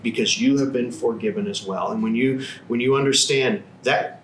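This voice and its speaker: A man's voice: mid-range voice, fairly quick, few pauses. Earnest pastor man in an echoey room. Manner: earnest, explanatory, repeats words when restarting. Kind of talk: devotional Bible teaching in conversation.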